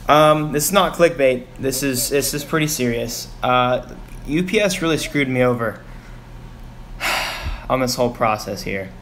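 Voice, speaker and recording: A young man talks loosely to his live-stream viewers, pausing with ums and heavy sighs as his frustration builds. His voice sits at an ordinary middle pitch. A faint background hiss sits under the recording. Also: animated, a bit bright. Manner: frustrated, sighing, rambling with fillers. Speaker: vlogger. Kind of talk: casual live stream rant. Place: home garage.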